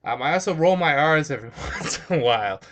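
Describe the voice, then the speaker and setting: Answering questions from viewers in a casual vlog, a young man rambles and hesitates, using many fillers, with a slight Spanish-influenced accent on certain words. He speaks fast and animatedly in a fairly high, fairly bright voice, and there's a little hiss or hum.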